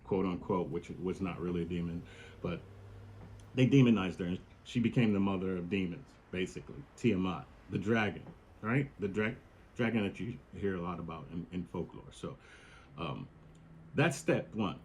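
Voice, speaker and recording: A man with a lowish voice hosting a podcast, spinning a story in loose, profane slang. Faint hum underneath. He talks animatedly with restarts. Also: moderate pace, darkish tone. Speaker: podcast host. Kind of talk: casual storytelling monologue.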